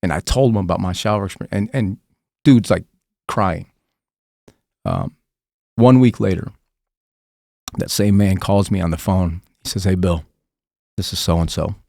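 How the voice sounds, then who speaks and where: Deep gravelly man sharing testimony. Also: normal speed, long pauses, a little mellow, no room sound, studio quality. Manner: earnest, raw and emotional. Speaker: podcast guest. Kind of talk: personal testimony.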